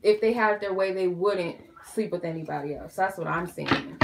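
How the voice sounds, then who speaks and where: A woman's voice: lowish voice, gravelly, background noise. A woman doing a casual tarot reading, chatting frankly and loosely straight to her viewers. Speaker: tarot reader.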